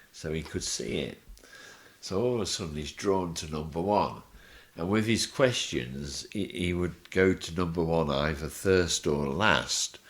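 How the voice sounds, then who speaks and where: Deep-voiced man telling animated stories. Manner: animated, laughing storyteller acting out voices. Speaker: guest telling anecdotes. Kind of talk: podcast interview storytelling.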